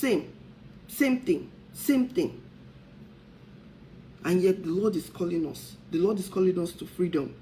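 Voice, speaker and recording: A woman's voice: lowish voice, lively intonation, measured pace, long pauses, mellow, a little hiss or hum, low-quality recording. A woman, a talk show host, speaking in an impassioned preaching style and firing off repeated rhetorical questions.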